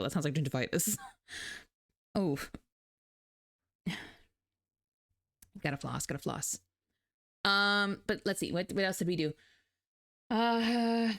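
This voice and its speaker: A woman streamer in a chatty, animated casual talk, laughing often. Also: mid-range voice. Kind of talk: casual chat.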